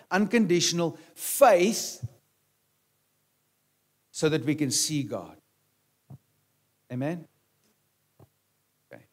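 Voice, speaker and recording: Male pastor with a lightly raised pitch, preaching in a chatty, questioning way that often turns to soft asides. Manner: conversational preaching, rhetorical questions, frequent "right?" and "amen?". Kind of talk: sermon.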